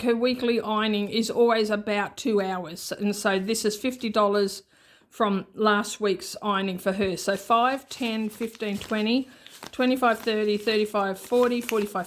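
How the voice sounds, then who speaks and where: A woman's voice: mid-range voice, fairly even intonation, a little slow. An Australian woman talking in a rambling, chatty way with many asides, in an unscripted casual vlog. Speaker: budgeting vlogger.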